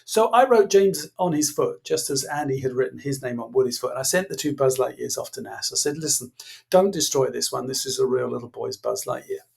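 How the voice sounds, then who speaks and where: A man, a podcast guest, telling an animated story and acting out the dialogue, laughing as he goes. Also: medium pitch, a little fast, gravelly, husky. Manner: acts out quoted dialogue, laughs while telling. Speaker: guest, former innovation executive.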